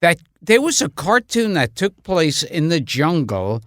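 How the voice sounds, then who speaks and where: A man co-hosting a podcast, telling slow deadpan anecdotes between big laughs. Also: on the high side, no room sound, clean studio sound. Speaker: podcast co-host. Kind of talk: casual podcast chat.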